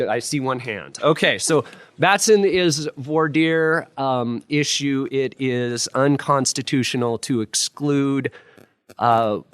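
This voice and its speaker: A man's voice: medium pitch, a bit bright, dry recording. Joking man on a live law panel. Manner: casual, self-deprecating, joking. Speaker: criminal defense lawyer, guest. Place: law school lecture room with student audience.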